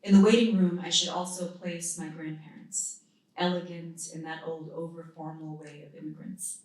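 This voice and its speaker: Poet, woman in her thirties, low steady voice, live reading in a very echoey hall, heard from a distance. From United States. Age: 30s. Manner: measured, deliberate phrasing with pauses between lines. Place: indoor literary event venue.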